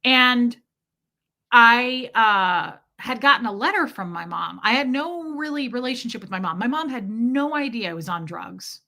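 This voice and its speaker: A woman's voice: a little high, lively intonation, normal speed, gravelly, sharp tone. A woman from Kansas City, podcast host, telling a personal story candidly and emotionally with lots of "like" fillers. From Kansas City, USA.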